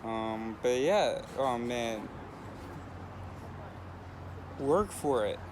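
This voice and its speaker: A man's voice: medium pitch, expressive, takes it slowly. Rambling American man vlogging outdoors. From United States. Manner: rambling and thinking aloud, many fillers. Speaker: hitchhiking vlogger. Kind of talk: casual vlog talk to camera. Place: outdoors by a road and in a vehicle. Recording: noisy outdoor and traffic background.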